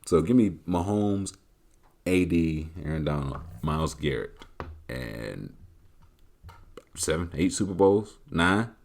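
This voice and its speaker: A man hosts a podcast with a low, deep voice. He answers listener questions in a casual, joking, animated way. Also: slow, long pauses, slight background noise. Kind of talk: casual chat.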